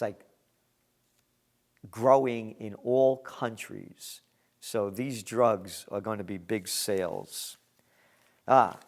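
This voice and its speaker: A man hosting a news commentary monologue, reading headlines and adding emphatic, sarcastic asides. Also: mid-range voice.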